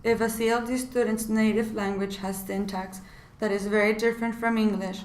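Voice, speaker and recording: A woman's voice: mid-range voice, flat delivery, moderate pace, echoey room. A woman reading a scripted class presentation in a plain explanatory tone. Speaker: student presenter.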